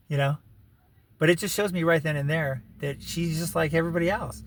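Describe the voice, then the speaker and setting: A man's voice: on the high side, steady tone, moderate pace. A man rambling through a personal story in a casual vlog, full of "you know" and "right", with wry laughing asides. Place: living in his vehicle.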